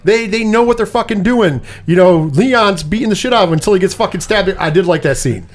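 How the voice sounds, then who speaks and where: A man's voice: sits high, a little fast. A man co-hosting a podcast movie review, talking animatedly and swearing freely as he retells scenes. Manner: animated, profane, retells scenes with quoted lines. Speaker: podcast co-host. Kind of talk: casual movie review chat.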